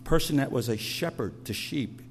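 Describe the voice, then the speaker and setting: Middle-aged man preaching a sermon in a loose, storytelling manner, stumbling over and repeating words as he talks. His voice sits at an ordinary mid pitch. A faint hum runs underneath. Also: lively intonation, normal speed. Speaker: pastor.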